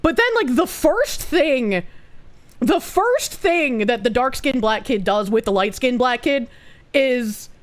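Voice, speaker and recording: A young woman streamer giving casual movie commentary, rambling and animated, with many fillers and restarts. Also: on the high side, slow.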